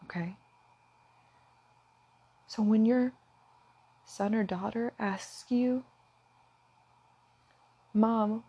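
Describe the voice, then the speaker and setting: A woman's voice: mid-range voice, dark tone, husky. A woman talking straight to her viewers in an earnest, impassioned way, at times close to tears. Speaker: vlogger. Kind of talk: emotional direct-to-camera talk.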